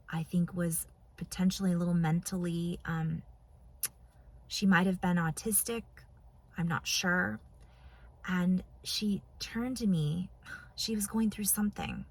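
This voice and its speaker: A woman giving a heartfelt spiritual talk to her viewers, earnest and soft-spoken, pausing often and at times moved to emotion. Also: fairly low pitch, breathy edge. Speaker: spiritual channel vlogger.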